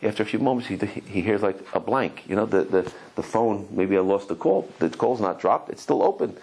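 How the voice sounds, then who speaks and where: Husky-voiced rabbi telling stories in class. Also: male voice, on the low side, brisk. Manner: animated, digressive, repeats words. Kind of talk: Torah lecture with storytelling.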